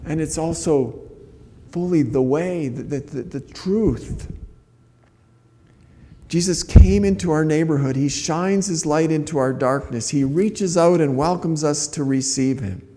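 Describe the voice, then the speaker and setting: A man's voice: fairly high pitch, unhurried, warm tone, big-room sound. A man preaching a sermon as a pastor, earnest and conversational, often restarting his phrases.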